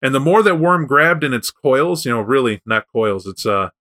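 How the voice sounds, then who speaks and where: A man casually retelling a folk tale, animated and loose, often correcting himself. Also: medium pitch, normal speed. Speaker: storyteller. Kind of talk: casual spoken storytelling.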